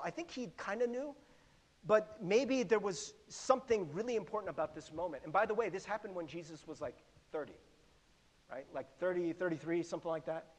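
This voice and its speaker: A middle-aged man preaching a sermon in a conversational, animated way, laughing often and putting questions to the congregation. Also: high voice. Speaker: pastor. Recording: long hall reverb.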